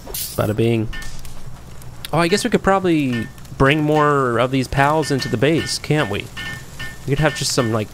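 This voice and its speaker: A young man giving chatty, playful commentary as he plays a game and talks to his creatures. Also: medium pitch. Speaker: gameplay commentator. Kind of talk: casual gameplay commentary.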